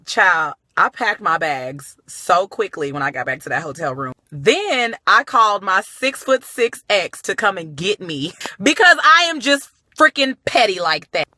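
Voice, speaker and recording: Woman vlogger spinning a wild story, bright voice, swings up and down, dry close phone sound. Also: medium pitch, a little slow, few pauses, no room sound. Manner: animated, profane, exclamatory. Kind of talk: comic storytelling to followers.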